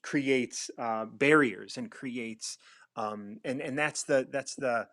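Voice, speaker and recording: A man's voice: medium pitch, takes it slowly, fairly bright tone. Reflective man hosting a spiritual chat. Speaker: recovery mentor and host. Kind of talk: casual spiritual discussion.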